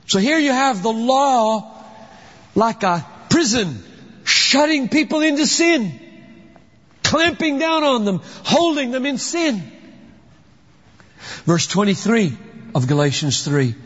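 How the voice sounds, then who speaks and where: A man's voice: sits high, sing-song, measured pace, husky. A man preaching a sermon, emphatic, posing rhetorical questions and then answering them. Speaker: pastor. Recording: dull lo-fi recording with long hall reverb.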